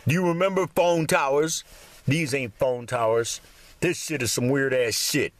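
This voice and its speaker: A man delivers a heated, rambling rant to his viewers, cursing at nearly every turn. His voice sits at an ordinary middle pitch. The sound is dry and close, with no room ring around it. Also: unhurried, no room sound. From Michigan. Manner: profane, swearing heavily, rambling. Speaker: vlogger. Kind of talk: angry ranting monologue. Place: cold home room in winter.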